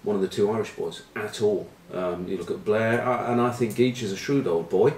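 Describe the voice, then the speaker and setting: A man's voice: lowish voice, fairly quick, a little mellow, a little hiss or hum. A man, a former rugby player, chatting casually as a pundit and telling loose anecdotes full of ums and uhs. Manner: rambling storyteller, full of ums and uhs, dry banter. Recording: roomy, from a distant mic.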